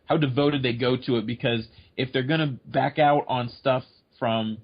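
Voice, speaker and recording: A man's voice: mid-range voice, fairly even intonation, moderate pace, husky. A man co-hosting a wrestling podcast, chatting in an easygoing, agreeable way. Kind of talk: casual chat. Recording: dull lo-fi recording.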